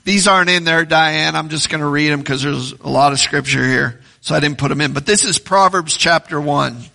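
A man's voice: on the high side, normal speed, vocal fry, bright, forceful tone. A man preaching a sermon, reading scripture aloud and asking the congregation questions. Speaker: pastor.

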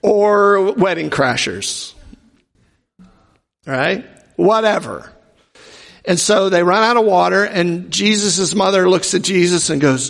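A man's voice: sits high, animated, slow pace, creaky, long pauses, fairly bright tone, big-room sound. A man giving an informal, conversational sermon with jokey asides and acted-out quotes. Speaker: preacher.

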